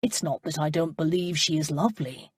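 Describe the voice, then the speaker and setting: A woman voicing a kind, modest young country parson who speaks with gentle restraint. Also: low-pitched, a little fast, husky, no room sound, studio quality. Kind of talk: audiobook character voice.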